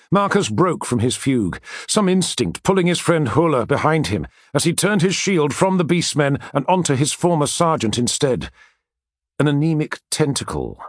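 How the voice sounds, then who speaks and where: Male audiobook narrator, dramatic storyteller with an animated voice, dry booth sound. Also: medium pitch, dry recording. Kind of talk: scripted fantasy narration.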